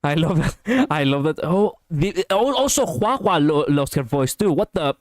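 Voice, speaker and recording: A man streaming casual reaction commentary, chatty and quick to laugh, on a close mic. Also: on the high side, very animated, no room sound.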